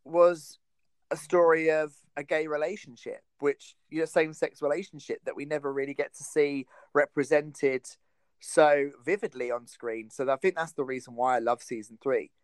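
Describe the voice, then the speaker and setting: A man's voice: fairly high pitch, fairly even intonation, moderate pace, clear, resonant tone, no echo. A man hosting a podcast in casual chat, emphatic and enthusiastic, laughing often. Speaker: podcast host.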